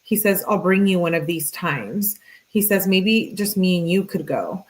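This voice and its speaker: A woman's voice: unhurried, rough recording. A young adult woman reading text messages aloud with commentary, her voice lifting slightly for the girl's lines. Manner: flat reading voice, pitch lifts for the girl's texts. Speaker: true crime commentator.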